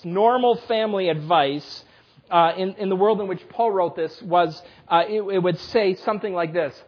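A man in his thirties preaching a sermon, talking directly and conversationally to the children in a church service. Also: high voice. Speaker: pastor. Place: church sanctuary. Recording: dull lo-fi sermon recording.

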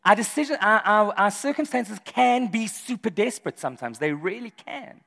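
A man preaching a sermon in an animated, humorous way, often laughing as he talks. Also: high voice, normal speed, gravelly, in a large hall. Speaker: pastor.

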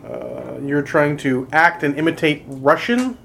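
A man's voice: fairly high pitch, fairly even intonation, unhurried, gravelly, fairly bright tone, slight background noise. Male game master, explanatory. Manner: explains rules, jokes with players. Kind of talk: running a tabletop game.

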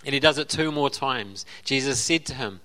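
Bright-voiced Australian pastor, chatty. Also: male voice, mid-range voice, moderate pace. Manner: conversational storytelling with asides and laughs. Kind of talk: sermon.

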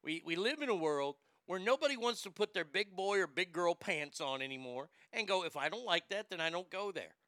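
A man's voice: high voice, animated, brisk, hardly any pauses, bright, forceful tone, no echo, clean studio sound. A man hosting a sports show, delivering a profane, ranting monologue and stammering over repeated words.

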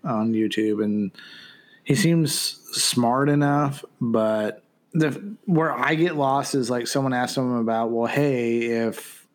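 A man co-hosting a podcast, chatting about politics in a blunt, halting way and swearing freely. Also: mid-range voice. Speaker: podcast co-host. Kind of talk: casual political chat.

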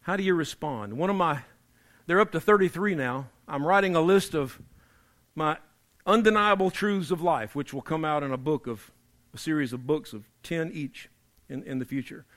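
A man preaching a sermon, emphatic and repetitive, dropping low and quiet to drive points home. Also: moderate pace. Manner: emphatic preaching, repeats key phrases, drops to quiet for emphasis. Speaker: pastor.

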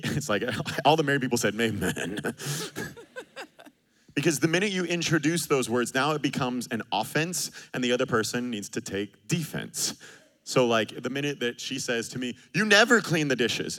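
Delivering a sermon, a pastor in his thirties speaks in a bright, forceful, medium-pitched voice. He's animated and jokey, acting out both sides of the arguments he quotes.

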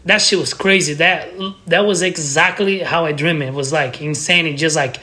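A man's voice: fairly high pitch, steady tone, normal speed, sharp tone, husky. Laughing man telling stories. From Brazil. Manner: laughing, loose and profane, restarts a lot. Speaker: guest. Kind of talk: casual storytelling.

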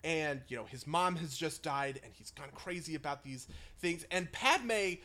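High-voiced man in animated casual chat. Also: a little slow. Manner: animated, swears freely, frequent laughing asides. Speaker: podcast co-host.

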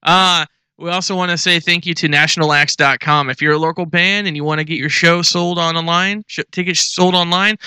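A man's voice: on the high side, steady tone, brisk, sharp tone, clear, resonant tone, no echo. A man co-hosting a radio show in a studio, joking around and stumbling through sponsor plugs in laid-back banter. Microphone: studio headphones and mic.

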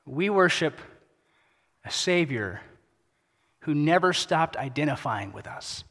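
A pastor preaching a sermon in a casual, conversational way, dropping to a soft, quiet voice for emphasis. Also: male voice, on the high side, expressive, slow, pauses often. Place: church sanctuary. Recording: long hall reverb.

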